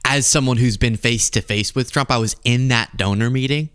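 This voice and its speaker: A man hosting a political commentary show, sarcastic and animated. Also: medium pitch, normal speed, smooth, no echo, studio quality. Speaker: host.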